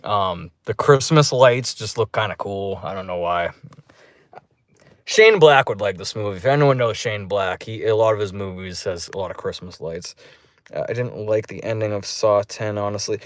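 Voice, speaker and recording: A man's voice: moderate pace, dry recording, studio quality. Rambling, profane young man reviewing a movie. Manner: rambling, profane, animated with pitched-up quoted reactions. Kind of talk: casual spoken review.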